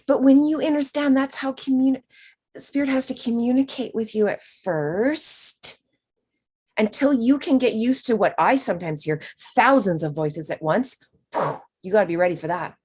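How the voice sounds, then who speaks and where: A woman teaching a spiritual course in a chatty, expressive way, acting out quoted voices and sometimes dropping to a whisper. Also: on the high side, moderate pace, slightly rough.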